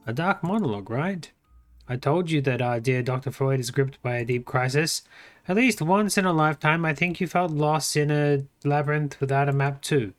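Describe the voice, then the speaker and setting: An Australian man playing a game for his channel, reading its text aloud in his own voice, his pitch swinging up and down. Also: moderate pace. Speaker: gaming YouTuber. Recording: faint game music behind the voice. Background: faint game music.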